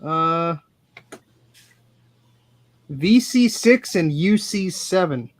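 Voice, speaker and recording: An excitable man talks through a live computer repair, laughing often and poking fun at himself. His voice runs high for a man. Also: extremely slow. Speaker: guest repairing vintage computers. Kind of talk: casual livestream chat while repairing.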